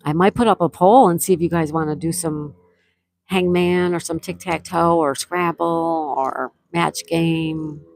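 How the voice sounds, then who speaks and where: A woman's voice: sits low, a little slow, a little mellow, slight background noise. A woman with a Buffalo, New York accent hosting a casual live stream, chatting and reading viewers' comments aloud before answering them. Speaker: livestream host.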